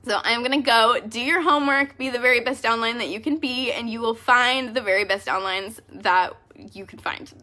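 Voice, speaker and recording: A woman's voice: on the high side, moderate pace, bright, forceful tone. A woman leading a direct sales team, talking casually to her team in a vlog. She is choked up and tearful, laughing at herself through the tears. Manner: emotional, self-deprecating, laughing through tears. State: tearful, choking up.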